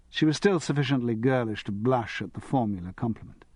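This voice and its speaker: A man narrating an audiobook in a wry, expressive manner. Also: mid-range voice, a little fast, hardly any pauses, breathy edge, no room sound.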